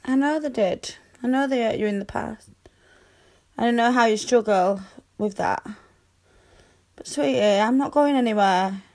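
A young woman in a girlfriend comfort audio role-play, speaking in a soothing, tender, reassuring way with soft hushing. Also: fairly high pitch, moderate pace, pauses often.

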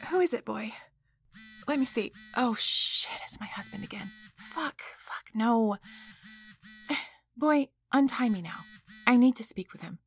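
A woman voicing a flustered married woman who is tied up and hiding a secret, in a breathy whispered role-play that swings between hushed whispers and pleading. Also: on the high side, takes it slowly, pauses often. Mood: tense. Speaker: voice actor in an audio role-play.

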